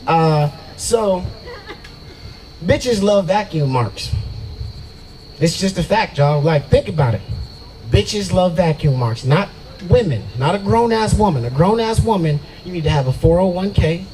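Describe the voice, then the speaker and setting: A man's voice: high-pitched, animated, measured pace, darkish tone, a little hiss or hum, poor audio. A young man doing a brash, profane stand-up set at an open mic night in a brewery and riffing with the crowd. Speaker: stand-up comedian.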